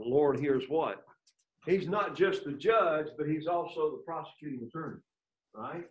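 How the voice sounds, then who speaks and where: A man's voice: a little high, breathy edge. A man teaching a Bible lesson to a class, reading scripture aloud and asking the group questions. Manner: asks the class questions, reads scripture aloud with rising emphasis.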